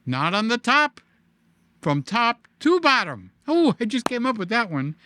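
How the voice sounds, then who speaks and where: A man with a high, bright and clear voice hosts a casual live-stream, reading out viewer comments. He talks slowly and teases in a playful, jokey way. His words get drawn out and sing-song. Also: very animated.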